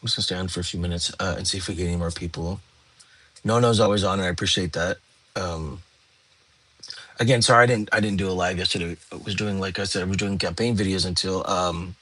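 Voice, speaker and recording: A tired young man, hosting a relaxed livestream and chatting with viewers from home. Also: sits low, slightly rough. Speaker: livestream host. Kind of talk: casual livestream chat. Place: home, lying down.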